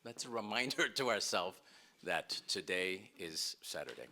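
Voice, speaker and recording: A man's voice: low-pitched, expressive, measured pace, vocal fry, pushed and bright, slight background noise. A middle-aged man speaking at a memorial gathering, recalling his father with emotion and laughter. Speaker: son giving a eulogy. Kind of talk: memorial speech.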